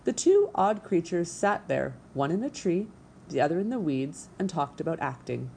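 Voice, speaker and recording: Female storybook narrator, lowish voice, faint hiss in the background. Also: creaky. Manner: expressive and measured. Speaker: audiobook narrator.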